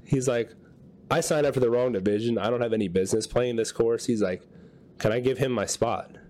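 A podcast co-host with a brisk, medium-pitched male voice tells a long story in casual conversation. He's an animated storyteller who acts out what people said.

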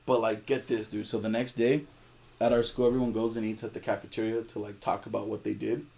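A young man, a podcast guest, telling a story in casual chat, animated and laughing as he acts out the people in it. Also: fairly low pitch, fast talker, creaky.

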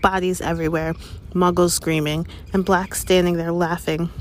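A woman performs a pompous, anxious middle-aged government minister for an audiobook, making him grave, official, bitter and sharp. Her lowish voice is flat and a little mellow, near her everyday voice, at a moderate pace, with slight background noise.

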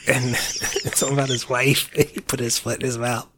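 A man's voice: mid-range voice, little pitch movement, normal speed, noisy background. A man co-hosting a casual chat, rambling, laughing often and trailing off mid-sentence. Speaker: podcast co-host.

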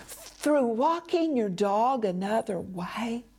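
Slow, earnest woman Bible teacher. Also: fairly high pitch, expressive, slightly rough. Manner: earnest, drops into hushed whispers for emphasis; addresses listener as "my friend". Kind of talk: devotional teaching.

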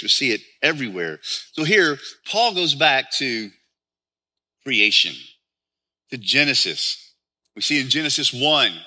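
Male pastor, sermon delivery, very bright and forceful tone, keeps asking rhetorical questions. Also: medium pitch. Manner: explains scripture with frequent rhetorical questions.

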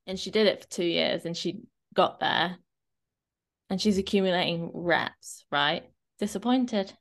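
A woman fitness coach co-hosting a podcast, chatting casually and often checking in with a quick "right?". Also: lowish voice, vocal fry. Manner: chatty, animated, often tags a questioning "right?".

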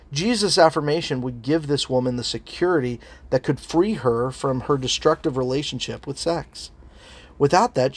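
Earnest man preaching a sermon. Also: medium pitch. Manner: earnest storytelling, emphatic. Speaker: pastor.

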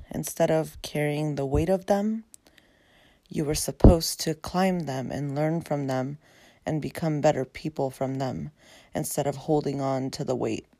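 A woman speaks slowly and reflectively in a low, mellow voice that is raspy after a long day. She hosts her own podcast monologue, recorded dry and close. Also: dry recording. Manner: slow, reflective, heartfelt. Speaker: podcast host.

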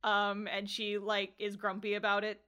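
A woman's voice: mid-range voice, monotone, normal speed, bright, forceful tone, clean tone. A woman co-hosting a podcast, casually recapping an anime episode, laughing often and swearing as she acts out the characters' lines. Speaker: podcast co-host.

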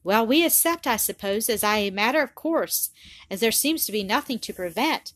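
A woman reading the part of an easygoing Victorian doctor who speaks in a relaxed, offhand way. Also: fairly high pitch, moderate pace, dry recording.

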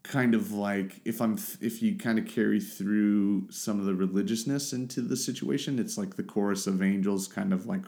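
A man's voice: lowish voice, fairly even intonation, normal speed, few pauses, a little mellow. A man hosting a solo podcast, talking casually and rambling as he searches for the right words. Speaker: podcast host.

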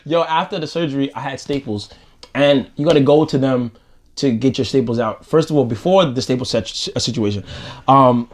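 A man telling a story in casual chat, animated, laughing often and saying "yo" a lot. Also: medium pitch, normal speed.

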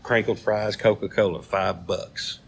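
A man's voice: fairly low pitch, steady tone, measured pace, creaky, slight background noise. A man, co-hosting a casual chat and telling jokes in a folksy way. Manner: folksy storyteller. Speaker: co-host.

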